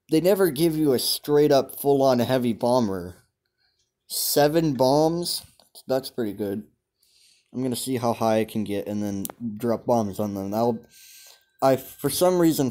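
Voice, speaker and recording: A man's voice: medium pitch, warm tone. A young man giving casual, rambling commentary over gameplay as a channel host, filling gaps with lots of ums. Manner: chatty, rambling, many ums.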